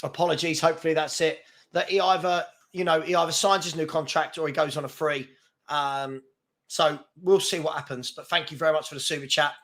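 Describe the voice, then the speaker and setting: A man's voice: on the high side, fairly even intonation, fairly quick, a bit bright. A man hosting a live fan chat show, chatty and brash as he reads comments and takes on trolls. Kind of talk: casual live-stream chat reading comments.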